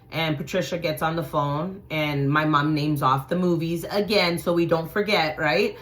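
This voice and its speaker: A woman's voice: deep voice, normal speed, few pauses. Blunt, profane woman telling a story. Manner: blunt and profane, acts out quotes with sudden loud shouts. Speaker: channel host telling a personal story. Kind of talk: casual storytelling to viewers.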